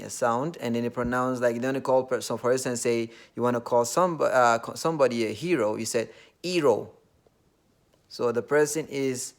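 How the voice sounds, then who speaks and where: Earnest Nigerian man, gravelly voice. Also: medium pitch. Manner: earnest, many fillers and restarts. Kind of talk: casual monologue.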